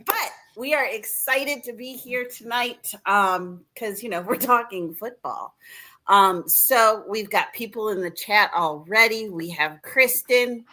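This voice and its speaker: A woman's voice: mid-range voice, measured pace, bright, forceful tone. A woman hosting a podcast, chatting casually and bubbly, laughing often. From Midwest. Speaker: podcast host.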